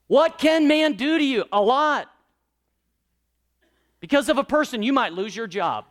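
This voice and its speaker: A high-voiced man preaches a sermon. He presses his points with loud, emphatic lines, then drops into quiet, low asides. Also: animated, measured pace, pauses often. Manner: emphatic, rising and dropping between loud exclamations and hushed asides. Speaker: pastor.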